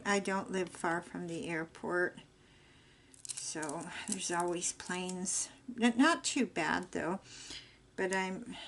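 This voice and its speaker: Slow-talking older woman chatting while crafting. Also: on the low side. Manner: rambling, homey, talks while working. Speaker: craft vlogger.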